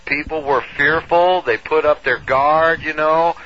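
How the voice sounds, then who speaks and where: A man on a radio show explaining a point in an earnest, steady way. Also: fairly high pitch, a little slow. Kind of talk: casual radio talk. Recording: dull lo-fi radio audio.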